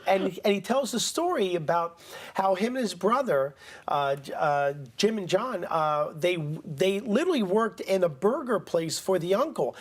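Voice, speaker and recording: A man's voice: high-pitched, normal speed. A man telling stories as an interview guest, acting out the people he quotes. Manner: animated storyteller acting out quotes. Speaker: guest, writer-director-producer. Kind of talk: casual storytelling interview.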